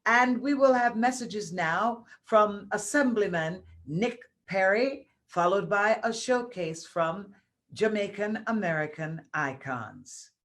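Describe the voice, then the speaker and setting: Female host linking segments of a virtual event, slow and steady pacing. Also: medium pitch.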